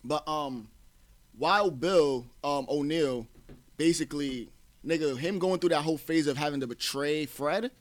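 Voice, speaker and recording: A man co-hosting a podcast in a relaxed, slangy casual chat. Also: on the high side, a little slow. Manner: relaxed, slangy, says bro a lot.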